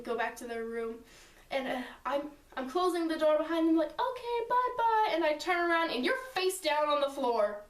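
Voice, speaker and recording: A high-pitched woman chats through a story in a loose, rambling way, stringing thoughts together with little asides. Her voice sits back from the mic and rings around a roomy space. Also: distant mic. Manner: chatty, rambling with many "like" and "and so" asides. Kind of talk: casual storytelling to a friend. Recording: roomy sound from away from the mic.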